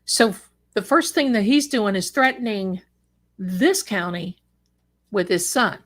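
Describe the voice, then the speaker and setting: A woman's voice: mid-range voice, expressive, a little slow, a bit bright. A middle-aged woman hosting a live psychic show, telling a personal story with dramatic flair and wry asides.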